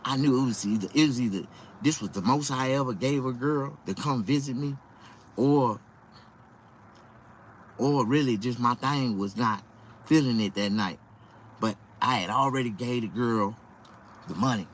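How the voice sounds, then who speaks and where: A young man doing stand-up, telling a rambling, profane story in an animated way. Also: medium pitch, moderate pace, pauses often, a little hiss or hum. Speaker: comedian.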